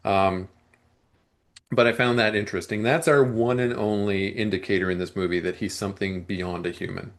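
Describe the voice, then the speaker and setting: A man co-hosting a movie review podcast, talking casually and at length, often clearing his throat and restarting his sentences. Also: lowish voice, steady tone, normal speed.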